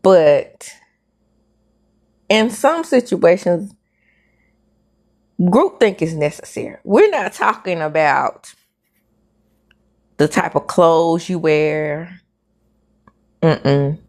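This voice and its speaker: Slow, sassy middle-aged woman host. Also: on the low side, animated, a little mellow. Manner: sassy, drawn-out, emphatic delivery with slang asides. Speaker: host of a celebrity gossip show. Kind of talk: casual commentary monologue.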